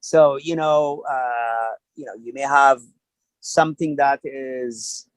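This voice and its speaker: A man's voice: medium pitch, steady tone, takes it slowly, clean tone, no echo, rough recording. A man coaching on a small-business program panel, talking in a rambling, hesitant way full of fillers. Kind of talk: online panel discussion.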